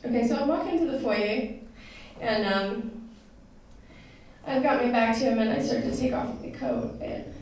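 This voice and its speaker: A woman from the United States recounts a personal story for an audience at normal speed, in a slightly high voice with a darkish tone. The sound is distant and a bit noisy, with the echo of the room around her.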